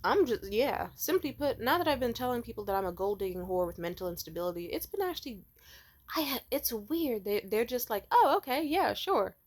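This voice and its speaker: A woman's voice: mid-range voice, animated, brisk. A young woman hosting a commentary rant, profane and heated, acting out quoted people in raised voices. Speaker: commentary host. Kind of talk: ranting commentary.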